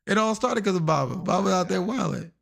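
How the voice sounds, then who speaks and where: A man streaming a game, chatting casually and acting out the people in his stories in an animated way. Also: high voice, fast, gravelly. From Washington, DC area. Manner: animated, acts out quoted people. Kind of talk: casual storytelling while gaming.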